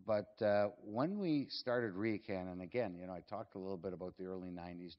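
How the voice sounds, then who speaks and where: A man's voice: on the low side, dull audio. An older man, speaking as a guest at an event, telling rambling, self-deprecating business stories. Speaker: guest speaker, real estate executive. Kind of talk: anecdotal talk to an audience.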